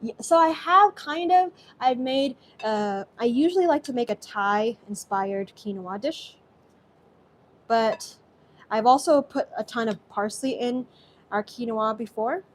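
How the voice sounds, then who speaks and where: A woman's voice: on the high side, animated, measured pace, a little hiss or hum. A young woman with an American accent hosting a live cooking stream from her kitchen, chatty and effusive as she thanks viewers by name. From Singapore. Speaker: host.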